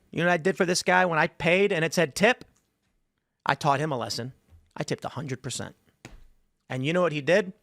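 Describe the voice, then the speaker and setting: A man's voice: on the high side, fairly bright tone, dry recording, clean studio sound. A man telling a casual anecdote on a podcast, acting out the people in it. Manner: storytelling, acts out quoted voices. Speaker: podcast host telling a story. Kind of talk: casual anecdote in a played clip.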